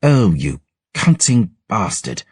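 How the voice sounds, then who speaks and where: A man voicing a haughty, sharp-tongued young noblewoman who speaks crisply and curses freely. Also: fairly low pitch, very animated, moderate pace, dry recording, studio quality, voice pushed up, heavily acted. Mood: startled.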